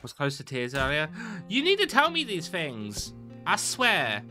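Brief: chatty live streamer, excitable gameplay commentary, bright tense tone, casual swearing. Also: mid-range voice, unhurried, faint music behind.

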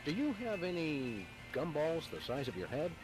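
Deadpan canine gumshoe, mid pitch with lively turns, game music behind. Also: male voice, moderate pace, rough recording. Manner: deadpan, dry questions. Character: deadpan dog detective, middle-aged man.

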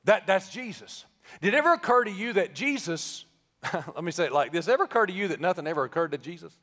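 A man preaching a live sermon as pastor, conversational and joking, then building to shouted emphasis. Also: high-pitched, lively intonation, fast. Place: church sanctuary, live service. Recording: live church with long reverb.

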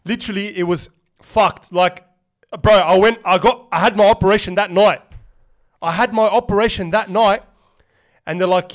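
A man's voice: high voice, moderate pace. A young adult man co-hosting a podcast, telling stories animatedly and swearing a lot. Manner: animated storytelling, heavy swearing. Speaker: podcast co-host. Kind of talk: casual chat.

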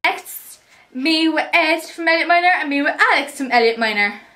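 A woman's voice: sits high, lively intonation, moderate pace, over music. A teenage girl with an Irish accent chatting to the camera in a casual, rambling and upbeat way. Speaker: vlogger.

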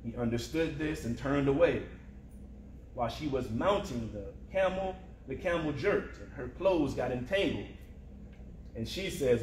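A male preacher telling a story in a slow, deliberate sermon style. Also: mid-range voice, darkish tone, slight background noise. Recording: roomy echo.

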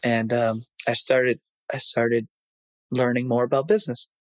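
A man's voice: mid-range voice, unhurried, no echo, low-quality recording. Candid man with a dry, close sound. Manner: candid, reflective, animated when retelling scenes. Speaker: martial arts instructor and guest. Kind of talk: casual podcast interview storytelling.

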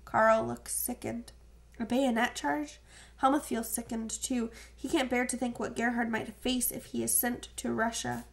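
A woman reads an audiobook in a steady, measured manner. Her voice sits a little high and has a gravelly texture. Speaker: audiobook narrator. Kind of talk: audiobook narration.

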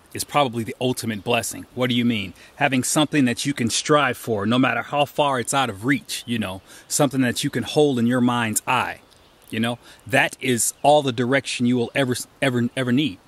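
Here a hiker vlogger with a mid-range, fairly bright voice chats casually while walking an outdoor trail. Filmed on a handheld camera, he rambles through stories and throws in emphatic advice along the way.

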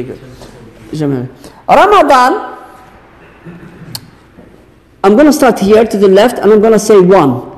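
High-voiced man lecturing in an echoing hall. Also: a little mellow. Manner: slow, drawn-out emphasis with rhetorical questions. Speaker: Islamic teacher. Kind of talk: religious lecture to a congregation. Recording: long reverb of a large hall.

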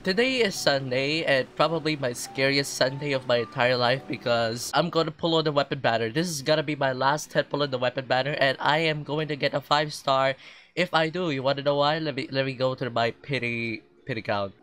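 A man's voice: medium pitch, fairly quick. Melodramatic young gaming vlogger guy. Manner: melodramatic, swinging from nervous pleading to loud frustrated ranting. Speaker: gaming video creator. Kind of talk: gaming vlog commentary.

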